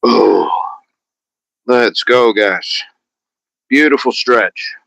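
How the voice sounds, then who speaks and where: A man's voice: mid-range voice, drawn-out words, creaky, fairly bright tone, dry recording. A man hosting a daily fitness livestream, chatting casually while stretching and reading viewer comments aloud in a playful way. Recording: dull lo-fi sound, dry.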